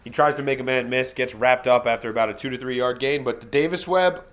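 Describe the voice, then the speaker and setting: A man's fairly bright, medium-pitched voice leads a live fan reaction stream, calling the action play by play in an easygoing, wisecracking manner with slang and swift self-corrections.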